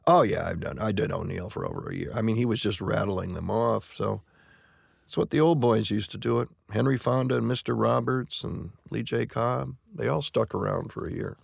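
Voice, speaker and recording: A middle-aged man, a stage actor, talking in a relaxed, anecdotal way in an interview, often restarting and repeating words. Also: medium pitch, creaky, no echo, studio quality. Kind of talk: conversational interview.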